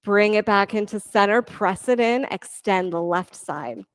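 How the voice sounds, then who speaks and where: A woman guides a yoga class at an unhurried pace, calling out breaths and counting reps with steady encouragement. The recording is dry and close, with no room sound. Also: mid-range voice, dry recording. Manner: calm, encouraging counting and cueing. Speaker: yoga instructor.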